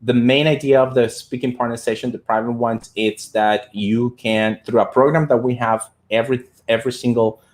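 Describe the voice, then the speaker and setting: Lively man teaching English on a live stream. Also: medium pitch, normal speed, few pauses. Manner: lively, repeats words, reads out viewer comments.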